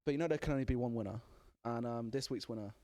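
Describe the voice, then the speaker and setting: A man's voice: mid-range voice, quick pace, dark tone. A man hosting a casual podcast, keeping score, teasing and laughing easily. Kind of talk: casual chat.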